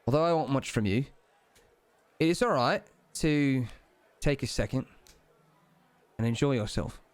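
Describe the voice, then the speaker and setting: A man's voice: mid-range voice, animated, measured pace, dry recording, natural voice. A man voicing a mocking male deity who speaks into a character's mind, with a Cockney accent. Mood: stern.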